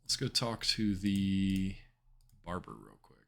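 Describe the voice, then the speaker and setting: Wry, lively male game streamer. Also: sits low, slow pace, vocal fry, a little hiss or hum. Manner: wry, chatty, animated asides. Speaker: streamer playing an adventure game. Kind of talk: live gameplay commentary, reading game text aloud.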